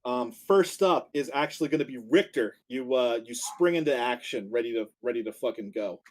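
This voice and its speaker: Relaxed male dungeon master narrating. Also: mid-range voice, normal speed, low-quality recording. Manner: relaxed, descriptive, with fillers and restarts. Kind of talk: narrating a tabletop game.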